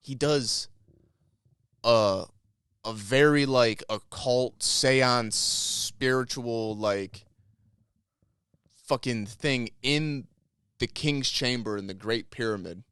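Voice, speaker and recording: Rambling, excitable young man on a podcast. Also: medium pitch, slow pace, long pauses, smooth, no room sound, clean studio sound. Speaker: podcast co-host. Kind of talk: casual chat.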